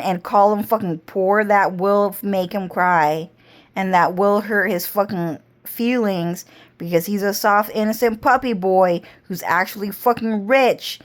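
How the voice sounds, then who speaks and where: Slow, rambling, foul-mouthed woman. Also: medium pitch. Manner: rambling, heavy cursing, slow drawl. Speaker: vlogger. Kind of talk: casual storytelling monologue.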